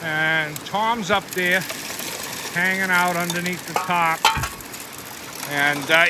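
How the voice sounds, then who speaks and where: A man's voice: high voice, steady tone. A man chatting casually on camera while gold prospecting outdoors by a river, easygoing and talkative. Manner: chatty, easygoing, talks while eating and working. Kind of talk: casual outdoor vlog narration. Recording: loud river noise outdoors. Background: rushing river water.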